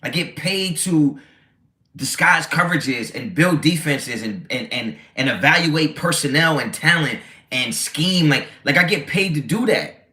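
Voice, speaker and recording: A slightly high, expressive male voice, a little slow, pushed and bright. He's a livestream host on a casual football stream who reads his chat aloud and answers it brashly, with plenty of profanity.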